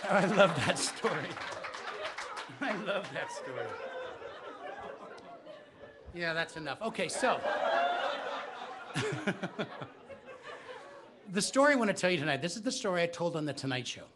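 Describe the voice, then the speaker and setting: A man's voice: high-pitched, very animated, measured pace, long pauses, very noisy. A man telling comic stories live to an audience in a bookstore, chatting with the crowd. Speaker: storyteller.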